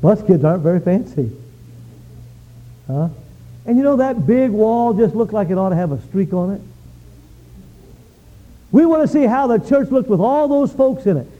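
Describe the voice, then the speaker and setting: A male pastor preaching a sermon, telling stories with lively swings from quiet to shouting. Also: high voice, normal speed, pauses often. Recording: dull lo-fi sound.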